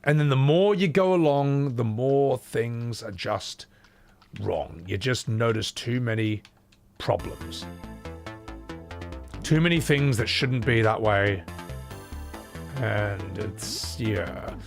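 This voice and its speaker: Streamer guy, gravelly voice, rambling chill chat. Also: medium pitch, animated, slow pace, pauses often, faint music behind. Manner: chatty, loose, swears casually. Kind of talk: casual live-stream chat.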